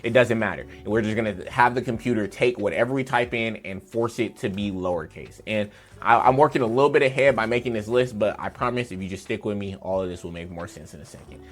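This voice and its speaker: This is a relaxed screen-share coding tutorial for beginners, led by a man with a lowish voice who talks at a quick pace. He explains things loosely and conversationally, with fillers and playful side remarks.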